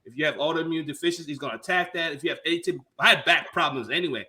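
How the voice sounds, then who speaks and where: A man from Africa telling a story in casual panel chat, animated, profane and laughing. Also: a little high, racing. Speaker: panel guest, comedian.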